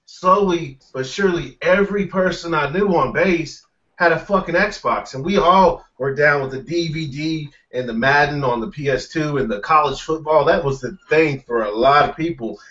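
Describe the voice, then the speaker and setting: A man tells relaxed, profane stories in a casual podcast chat. His voice sits a bit high and comes from some distance off the mic, with a dull lo-fi tone. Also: normal speed. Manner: laid-back, profane storytelling. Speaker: podcast panelist.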